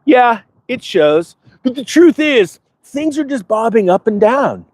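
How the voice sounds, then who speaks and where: Smug, bragging money-advisor type, put on by a man, high and swooping delivery. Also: sing-song, unhurried, a little mellow, no room sound, exaggerated voice. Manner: sarcastic, boastful, rambling with asides. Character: smug self-important male financial advisor persona. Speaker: finance vlogger. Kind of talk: comedic persona monologue to camera. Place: outdoors in front of a big-box store.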